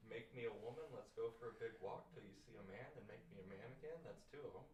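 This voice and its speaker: A male co-host bantering casually, joking and quick to argue his point. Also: lowish voice. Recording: distant echoey mic with loud noise.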